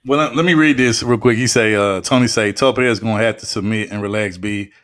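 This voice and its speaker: A man's voice: on the low side, brisk, fairly bright tone. A man hosting a casual livestream podcast, teasing his co-hosts and reading chat comments in drawling slang. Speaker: podcast host.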